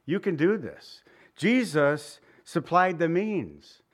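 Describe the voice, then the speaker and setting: A man preaching a sermon in a conversational way, with rhetorical asides and slowing down to stress key lines. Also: fairly high pitch, big pitch swings. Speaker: pastor.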